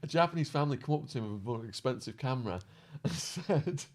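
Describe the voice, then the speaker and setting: A man guest on a podcast, telling a wild story with lively acted-out quotes, swearing and laughing along the way. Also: medium pitch, fast, hardly any pauses. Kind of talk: animated storytelling.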